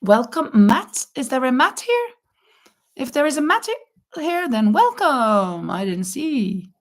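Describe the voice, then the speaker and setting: A woman's voice: sits high, very animated, takes it slowly. A woman with a Norwegian accent chatting casually on a live stream, laughing often and reading out viewer comments. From Norway. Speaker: crochet channel host.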